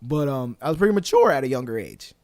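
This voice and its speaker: A man in his late twenties hosting a casual solo podcast, talking earnestly with lots of fillers and restarts, his voice a little hoarse. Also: mid-range voice, animated, fast talker, darkish tone, no room sound. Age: 20s. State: slightly hoarse voice. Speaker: podcast host.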